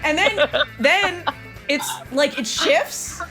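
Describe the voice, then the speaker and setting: A young adult woman hosting a podcast, telling a story in casual chat, animated, laughing and swearing as she acts out quotes. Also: sits high, slow pace, faint music behind. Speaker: podcast host.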